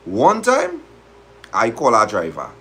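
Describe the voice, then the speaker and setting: A man's voice: mid-range voice, huge pitch swings, slow pace, pushed and bright, breathy edge. A man hosting a live stream, reading a story aloud in dialect and reacting to it animatedly. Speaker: host of a live talk stream.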